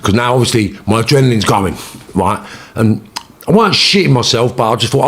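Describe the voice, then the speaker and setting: A man's voice: medium pitch, animated, a little fast, breathy edge. A man with a London accent, a guest telling his story in an interview, blunt and full of swearing and street slang. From England.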